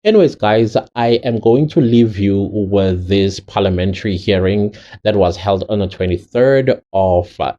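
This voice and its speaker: A man delivers fired-up commentary, his voice leaping up and down in pitch as he hammers home each point. His tone is dark and mellow, and the recording sounds slightly dull and lo-fi. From South Africa. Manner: indignant, emphatic, swings pitch sharply when stressing words. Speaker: commentary vlogger. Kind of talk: angry opinion commentary.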